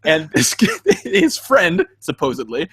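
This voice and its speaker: A man's voice: on the high side, wildly swooping pitch, unhurried, a bit bright, husky, no room sound. A man co-hosting a podcast in casual chat, telling stories with lots of laughter and acting out his own reactions. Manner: laughs often mid-sentence. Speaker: podcast co-host.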